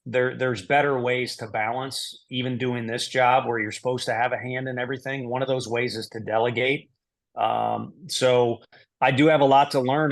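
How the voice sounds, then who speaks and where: A middle-aged man, a head baseball coach, answering casually in an interview. He laughs easily and thinks aloud with self-deprecating humor. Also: mid-range voice.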